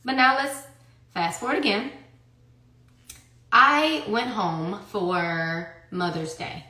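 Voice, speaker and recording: A woman telling a personal story in a casual tell-all monologue, emphatic and profane, swinging between hushed and loud. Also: mid-range voice, slow, roomy sound. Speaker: storyteller recounting personal events.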